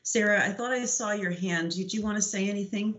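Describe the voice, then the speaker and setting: A woman's voice: medium pitch, fairly quick, a bit bright. A woman chairing a public budget hearing, polite and appreciative as she calls on speakers. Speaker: meeting chair. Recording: dull lo-fi video call audio.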